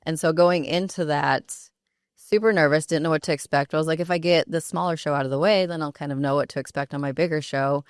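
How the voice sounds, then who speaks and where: A woman in her thirties, a podcast guest, telling stories in a chatty, animated way full of fillers. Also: low-pitched, quick pace, dry recording, clean studio sound. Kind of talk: casual conversational storytelling.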